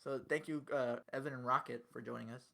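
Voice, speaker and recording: A young man hosting a casual podcast, talking in an animated way with swearing and quick laughs. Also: medium pitch, creaky. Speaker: podcast host.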